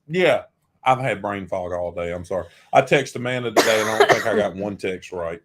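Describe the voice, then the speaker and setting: A man's voice: on the low side, expressive, brisk. Joking Southern man hosting a live stream. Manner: joking, teasing, rambling. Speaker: co-host of a travel livestream. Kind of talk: casual livestream chat.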